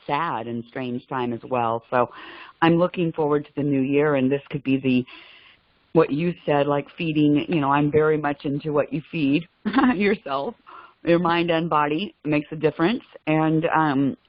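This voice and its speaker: A woman on a group video call, speaking earnestly with frequent laughs and halting restarts. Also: low-pitched, no echo. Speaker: call participant. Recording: slightly muffled call audio.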